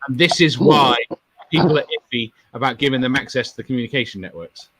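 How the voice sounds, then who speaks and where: A man's voice: mid-range voice, fast talker, a bit bright, rough recording. A man on a casual video call, explaining things at length with many restarts. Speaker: guest. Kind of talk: casual livestream chat.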